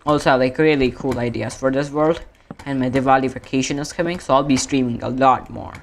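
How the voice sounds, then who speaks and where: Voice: medium pitch, fairly even intonation, a little hiss or hum. A streamer from India chatting casually while gaming, rambling and often correcting himself mid-sentence. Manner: rambling, self-correcting, drawn-out fillers.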